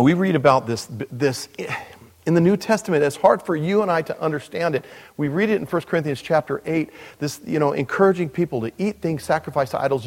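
A man, a pastor, preaching a sermon in a relaxed, joking way, with lots of asides. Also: a little high, gravelly. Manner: conversational, joking, frequent "you know" asides. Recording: long reverb of a large hall.

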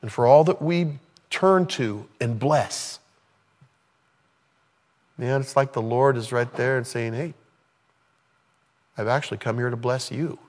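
A man delivering a sermon in a relaxed, conversational voice of middling pitch. He preaches with animated asides, briefly acting out the people in his story. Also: unhurried, long pauses, long reverb tail. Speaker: pastor.

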